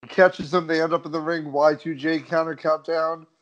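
A man's voice: on the high side, level tone, moderate pace. A man co-hosting a casual wrestling recap, making profane, chuckling asides. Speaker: podcast co-host.

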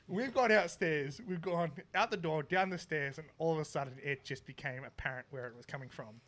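A man's voice: a little high, fairly quick, few pauses. Young man telling a story. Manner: animated, laughing, acting out neighbours. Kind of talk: casual anecdote.

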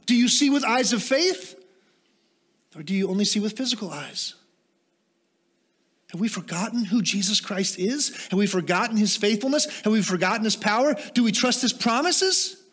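High-voiced man preaching a sermon. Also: expressive, normal speed, breathy edge. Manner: rhetorical questions, shifts from rising fervor to quiet teaching asides. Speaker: pastor.

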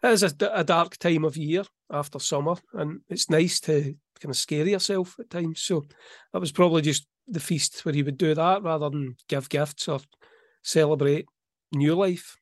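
A middle-aged man co-hosting a podcast in casual chat, relaxed and wry, poking fun at himself. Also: on the high side, moderate pace, no echo, studio quality. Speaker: podcast co-host.

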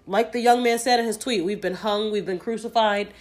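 A woman's voice: medium pitch, steady tone, fairly quick. A woman hosting a solo podcast, speaking emphatically and outspokenly and swearing freely. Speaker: podcast host.

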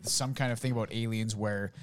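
A podcast host tells a story in casual chat, animatedly acting out the voices of the people in it. His voice is on the low side and a little fast, against a noisy background.

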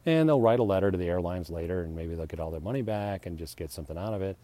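A man's voice: deep voice, animated, very fast, warm tone, no room sound. A man musing aloud in a solo podcast, rambling and self-deprecating, restarting his sentences and laughing at himself. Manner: acts out heated retorts, laughs often. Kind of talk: rambling personal reflection.

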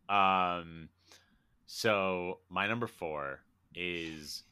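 A man's voice: low-pitched, bright, forceful tone, clean tone, no room sound. A young man co-hosting a casual movie podcast, laid-back and profane, laughing as he retells scenes. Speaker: podcast co-host. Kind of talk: casual movie-review chat.

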